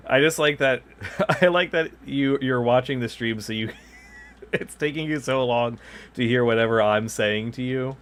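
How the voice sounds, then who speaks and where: Rambling streamer man, bright tense voice. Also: mid-range voice, measured pace. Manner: rambling, chuckles often, self-mocking. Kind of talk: casual chat while gaming. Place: home desk. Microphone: desk microphone beside him.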